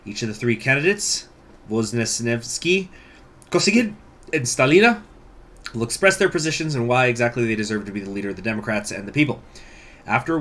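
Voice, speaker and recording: A man commentating a strategy game playthrough, chatty and excitable, reading the game's text aloud. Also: medium pitch, a little hiss or hum. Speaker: gaming channel host. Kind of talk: let's play commentary.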